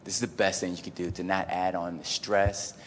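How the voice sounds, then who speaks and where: A man giving a casual personal storytelling talk at an event, animated and full of "like" and "you know". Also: low voice, a little fast, big-room sound, a little hiss or hum. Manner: animated, acts out his own inner voices. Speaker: event speaker. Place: event venue.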